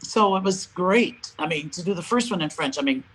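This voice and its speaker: An older man, a guest opera singer, chatting in an interview and telling lively stories in which he acts out the lines of other people and laughs often. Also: high-pitched, brisk, husky, low-quality recording. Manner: animated storyteller, acts out quoted dialogue, laughs often. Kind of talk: casual interview chat.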